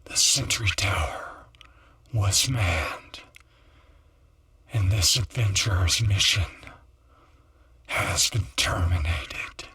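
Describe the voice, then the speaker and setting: A man doing whispered narration of a tense story in a hushed, dramatic way. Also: sits low, slow pace, long pauses, husky, distant mic. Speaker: podcast narrator.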